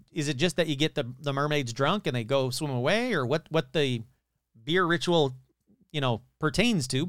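Male podcast host, loose and skeptical, with a smooth, clear voice recorded dry and close. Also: a little high, fairly bright tone, dry recording. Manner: casual, swears, sarcastic skeptical asides. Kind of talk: casual storytelling podcast.

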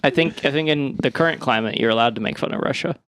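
A man's voice: mid-range voice, quick pace, a bit bright. A man co-hosting a casual comedy podcast, reading odd news and rambling with frequent laughs. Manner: rambling, laughs at own jokes.

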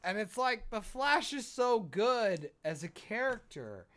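Excitable guy on a podcast, voice jumping all over, talks slow and drawn out, swears a lot, bangs the desk by the mic. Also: high-pitched. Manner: excitable and emphatic, swears freely. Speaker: podcast co-host. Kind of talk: casual pop-culture chat. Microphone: desk mic, bumped while he hits the desk.

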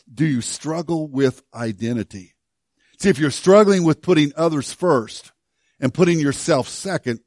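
A man preaching a sermon, telling a story earnestly with many restarts and dropping to a hush for emphasis. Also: on the high side, no room sound, studio quality. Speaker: pastor.

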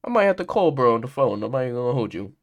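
A man's voice: medium pitch, very animated, rapid-fire, creaky. A young man hosting a podcast, casually telling a story in heavy slang and laughing often. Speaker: podcast host.

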